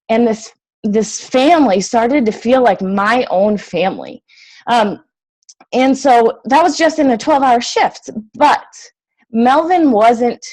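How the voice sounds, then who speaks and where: A woman's voice: on the high side, a little mellow. A young adult woman, a health coach, telling an emotional personal story to an audience in a heartfelt, earnest way.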